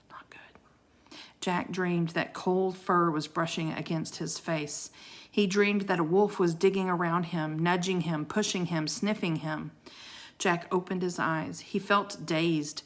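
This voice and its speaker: A woman reading a children's storybook aloud to a child, expressive with small stumbles. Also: lowish voice, measured pace. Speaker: reader of a children's book.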